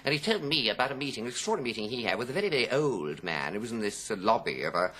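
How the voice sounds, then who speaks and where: A man in his fifties, a guest in a television studio interview, tells anecdotes theatrically with a mid-range, very animated, sharp-toned voice. He talks very fast, swooping around and acting out the voices of the people he quotes.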